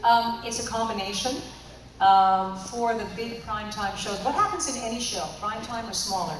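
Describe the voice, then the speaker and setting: A woman voice actor and director answering questions at a convention panel in an animated, playful way. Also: mid-range voice. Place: large convention hall. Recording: echoey hall from far off, noisy.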